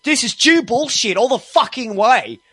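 A man with a fairly high voice rants at length, swearing constantly and sounding exasperated. He trips over his words and restarts when worked up. The recording is close and dry, with no room sound. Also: animated, moderate pace, bright, forceful tone, slightly rough, no room sound. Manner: heavily profane, exasperated. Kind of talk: angry ranting monologue.

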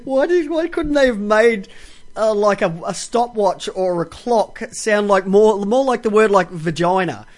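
A man's voice: high voice, lively intonation, unhurried. A man hosting an online radio show in casual on-air banter, swearing, teasing and laughing often.

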